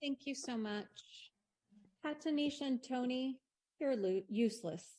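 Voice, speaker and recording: A woman scolds the council at public comment, blunt and accusing. Her voice sits fairly high yet sounds mellow and dark. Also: unhurried.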